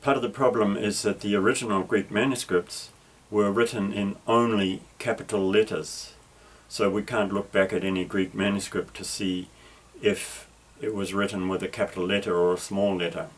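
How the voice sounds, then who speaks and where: Lesson narration: lower-pitched male teacher, patient, methodical, unhurried explanations. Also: fairly even intonation, poor audio. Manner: patient, careful, with small restarts. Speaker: Greek teacher.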